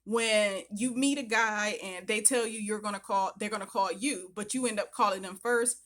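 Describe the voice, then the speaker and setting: A young woman talks straight to camera in a loose, conversational way, telling her story with animated asides. Her voice is bright and forward, and her pitch sits in an ordinary middle range for a woman. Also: moderate pace. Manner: chatty, animated retelling with acted-out quotes. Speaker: vlogger.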